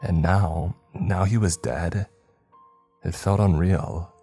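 Role: narrator. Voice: very deep man, measured. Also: dark tone, slightly rough. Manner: measured, storytelling. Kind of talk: scripted horror story narration.

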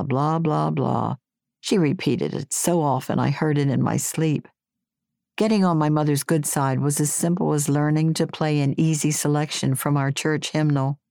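A woman reading her personal memoir aloud in a wry, gently humorous way. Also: low-pitched, gravelly, no echo, studio quality. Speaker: memoir narrator.

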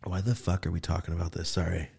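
A young man hosting a podcast, chatting casually and telling animated stories with quick jumps into high mimicking voices. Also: gravelly, slightly rough. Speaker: podcast host.

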